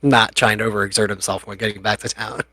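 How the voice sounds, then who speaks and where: A man's voice: fairly low pitch, brisk, sharp tone, dry recording. Chatty male game master, dry close mic. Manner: chatty, laughs often at his own jokes. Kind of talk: narrating a tabletop game.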